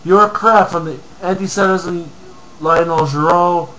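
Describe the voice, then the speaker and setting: A man's voice: sits high, normal speed, pushed and bright, a little hiss or hum, rough recording. A man from Canada ranting angrily on a home vlog, reading comments aloud with lots of profanity and mumbled asides. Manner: angry, profane, heated rant with mumbled asides. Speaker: vlogger.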